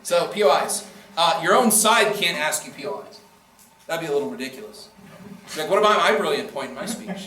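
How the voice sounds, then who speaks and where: A man's voice: high-pitched, very animated, fairly quick, long pauses, a loud crowd. A man giving a casual classroom lecture on debating, joking and acting out quoted speakers. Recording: echoey room from far off.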